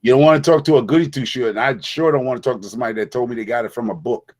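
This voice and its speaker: A middle-aged man from the Bronx talks in a casual chat. His pitch sits in an ordinary male middle range. He builds his points emphatically, doubling back and repeating phrases as he goes. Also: very fast, darkish tone. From the Bronx, New York. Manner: emphatic, repetitive storyteller with frequent restarts. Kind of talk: casual conversation.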